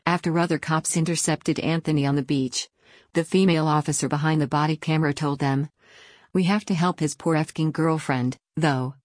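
A woman reading out a news article in a steady, even way. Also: deep voice, no echo, studio quality. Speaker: news reader. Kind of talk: read-aloud news article.

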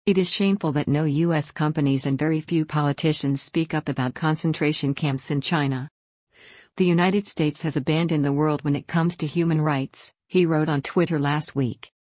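Low-voiced woman reading the news. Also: fairly even intonation, normal speed, darkish tone, dry recording, studio quality. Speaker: news article reader. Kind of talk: reading a news article aloud.

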